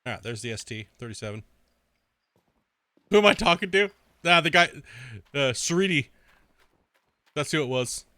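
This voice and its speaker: A brash young male game streamer with a bright, forceful voice pitched a little high for a man. He rambles through casual chat with plenty of filler words, swears freely, trash-talks and laughs often. The sound is dry and close. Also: very animated, normal speed, pauses often, dry recording.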